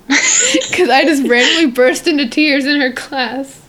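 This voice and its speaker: A woman's voice: sits high, very animated, slow pace, a bit bright. Giggly rambling teenage girl. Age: teens. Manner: rambling, giggly, lots of fillers. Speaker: podcast co-host. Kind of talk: casual chat.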